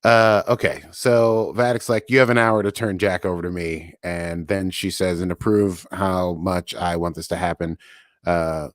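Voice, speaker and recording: Podcast co-host, male, low voice, casual recap chatter with laughs, dry recording. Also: little pitch movement, no echo. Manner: chatty, laughing, quick asides.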